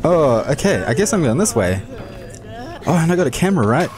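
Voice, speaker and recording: A man's voice: a little high, big pitch swings, brisk, crowd noise. A man hosting a casual let's-play video, joking around in a goofy, self-mocking way. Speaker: gaming video host. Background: game music.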